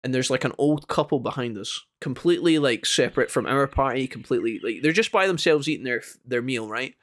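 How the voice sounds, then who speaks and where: A Scottish man chatting casually to his viewers while playing a game, telling animated stories between moves. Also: medium pitch. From Scotland. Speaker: gaming streamer. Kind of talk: casual gameplay chat with storytelling.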